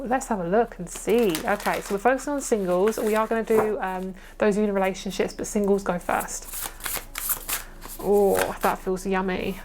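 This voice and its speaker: A woman giving a casual, chatty pick-a-card tarot reading, gushing and swearing casually as she goes. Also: medium pitch. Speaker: tarot reader.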